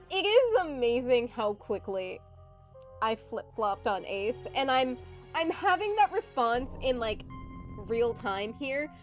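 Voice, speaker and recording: High, lively woman reacting excitedly. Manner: animated, excitable, swears casually. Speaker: game story commentator. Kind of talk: reading subtitles and reacting to a game.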